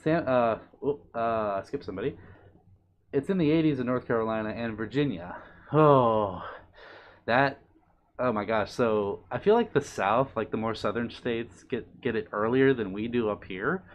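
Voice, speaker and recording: A young man on a live stream, reading viewer comments aloud and answering them in a gentle, apologetic way. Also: medium pitch, normal speed, highs cut off, a little hiss or hum. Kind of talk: casual live-stream chat.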